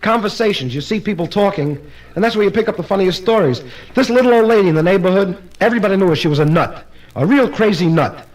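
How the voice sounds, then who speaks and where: Stand-up comedian, man with a high voice, brisk punchline-driven delivery at a live party. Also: expressive, low-quality recording. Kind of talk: live stand-up joke telling.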